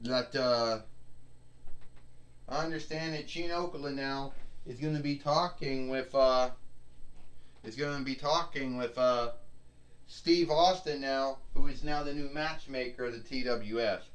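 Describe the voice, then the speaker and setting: A man's voice: mid-range voice, a little slow. Man rambling through toy wrestling commentary. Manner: rambling, restarts sentences. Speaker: play-by-play narrator.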